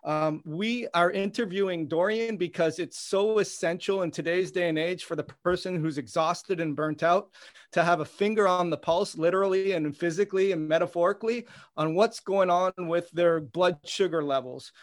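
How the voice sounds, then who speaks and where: Male podcast host, high voice, friendly and a bit hesitant. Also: normal speed. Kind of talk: interview hosting.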